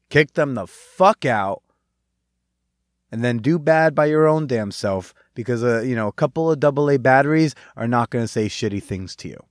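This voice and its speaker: Male podcast host, earnest and sincere, casually profane, mid pitch, dry close mic. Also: no echo. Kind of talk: reading listener mail and responding.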